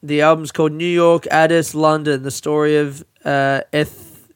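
The comedian-host speaks alone in a higher, clean voice with a level tone and moderate pace. His podcast talk is rambling and candid, full of self-mockery and frequent swearing.

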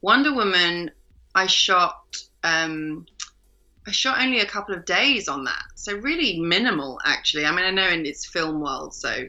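An actress chatting in an interview, talking loosely with lots of fillers and restarts. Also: female voice, fairly low pitch, moderate pace. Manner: chatty, many fillers and restarts, bright lively laugh. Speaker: actor, interview guest. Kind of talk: casual video-call interview. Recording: dull muffled home call audio.

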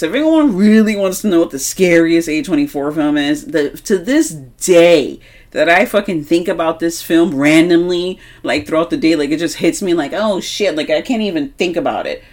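Animated, foul-mouthed woman podcaster. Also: lowish voice, normal speed. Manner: animated, heavy swearing, emphatic. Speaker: podcast co-host. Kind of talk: casual movie review chat.

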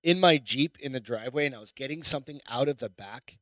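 A man's voice: mid-range voice, quick pace, fairly bright tone, no room sound. A middle-aged man co-hosting a casual chat show, blunt and cursing often. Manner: blunt, swears a lot. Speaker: podcast co-host.

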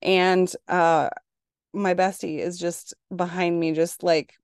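Mom from minnesota ranting about her teens, lowish voice, dry close sound. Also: takes it slowly, clean tone, dry recording. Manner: exasperated, animated storytelling with acted-out quotes. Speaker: podcast host. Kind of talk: casual podcast monologue.

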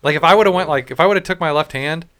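A man's voice: fairly high pitch, quick pace, a bit bright, smooth. A man in his late thirties, ranting and cursing his way through a casual story about a concert. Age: 30s. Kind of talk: casual chat.

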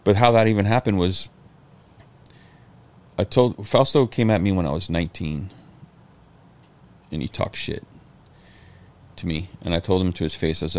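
A middle-aged man with a low voice, appearing as a podcast guest, tells stories at a normal speed with long pauses. It's a casual storytelling interview, and he's animated, swears freely, and acts out what people said.

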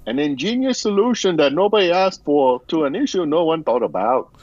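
A man with a husky, lively voice reads a news story aloud, dropping wry asides. He sounds dry and close on a dull, lo-fi microphone. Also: a little high, a little fast, no room sound. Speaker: podcast co-host. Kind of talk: reading a news article aloud, casual.

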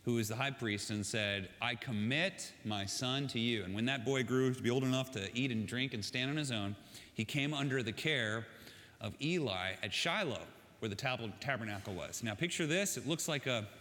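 A man's voice: medium pitch, normal speed, fairly bright tone, big-room sound. A male pastor preaching a sermon in a casual, conversational way, telling stories with joking asides.

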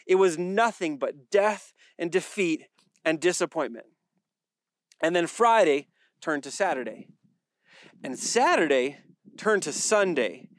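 Male pastor, high voice, conversational sermon delivery with wry asides, dry recording. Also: clean tone, no room sound. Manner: conversational preaching with dry jokes and repeated phrases.

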